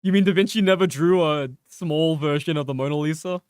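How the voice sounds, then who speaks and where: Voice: medium pitch, fairly quick, darkish tone, clean tone, dry recording, studio quality. A streamer with a northern English accent giving laid-back gameplay commentary, muttering to themselves and swearing freely. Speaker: game streamer.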